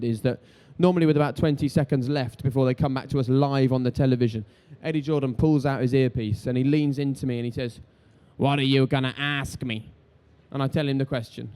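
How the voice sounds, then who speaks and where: A quick, animated man in his thirties tells stories on a live event stage. His voice is dark and mellow, and he acts out the voices of people in his anecdotes. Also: mid-range voice, smooth. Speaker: TV sports presenter, interviewed guest. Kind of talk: lively anecdotal storytelling on stage.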